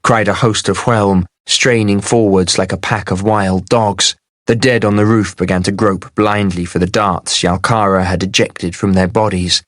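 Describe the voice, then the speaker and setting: A man narrating a fantasy novel in a steady, measured audiobook reading. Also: sits low, dry recording, clean studio sound.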